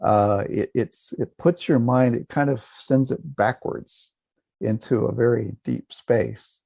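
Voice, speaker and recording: A man leading a guided meditation, talking in a relaxed, unhurried way with some fillers and restarts. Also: mid-range voice, gravelly, no room sound. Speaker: meditation teacher.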